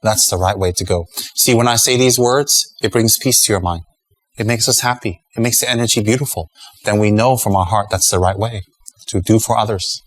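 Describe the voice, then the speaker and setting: A man's voice: lowish voice, a little fast, low-quality recording. A middle-aged man giving a Dharma talk as a Buddhist teacher, emphatic and rhetorical, chuckling at his own jokes.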